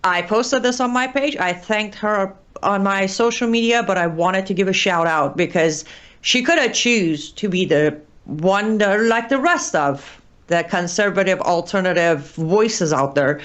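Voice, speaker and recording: Exhausted woman giving impassioned commentary. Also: mid-range voice. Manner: earnest, pleading, emphatic. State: exhausted, sleep-deprived. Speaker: online show host.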